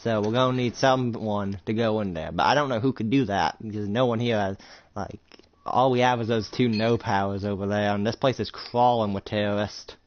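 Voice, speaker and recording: A man's voice: lowish voice, steady tone, moderate pace. A man improvising and narrating a story role-play with a friend, rambling with many fillers. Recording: dull lo-fi recording.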